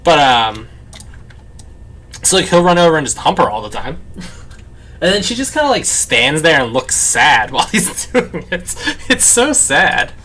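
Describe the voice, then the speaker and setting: Very animated and a little high, a man speaks at normal speed with a sharp tone while hosting a let's play from his parents' home. His casual commentary wanders and is full of "like," and dogs bark close by.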